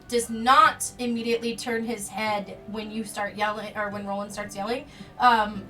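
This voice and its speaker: A woman runs a tabletop game as game master, her bright, fairly high voice picked up from some distance. She narrates hesitantly, stopping often for ums. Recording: distant mic.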